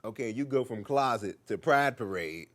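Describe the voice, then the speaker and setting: A man doing stand-up storytelling, animated and checking in with the crowd with "right?". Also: mid-range voice, moderate pace. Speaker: stand-up comedian. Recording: noisy recording.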